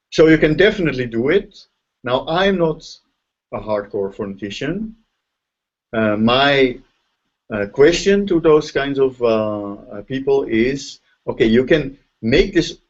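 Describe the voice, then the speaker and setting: A man with a Dutch accent, a linguistics professor who explains ideas step by step over a video call and often checks in with "right?". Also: mid-range voice. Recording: dull lo-fi video call audio.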